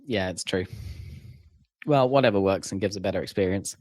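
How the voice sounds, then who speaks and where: A man's voice: sits low, darkish tone, no room sound. A man co-hosting a podcast in casual chat, chiming in with short remarks and questions. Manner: brief interjections and quick questions. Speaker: podcast co-host.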